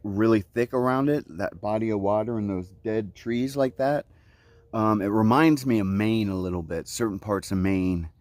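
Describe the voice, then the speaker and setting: A man's voice: fairly low pitch, darkish tone, dry recording. Laid-back surfer-talking man outdoors. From Central Florida. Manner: laid-back surfer talk, lots of "like, you know, man". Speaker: thru-hiker vlogger. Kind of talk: casual trail vlog. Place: outdoors on a mountain trail.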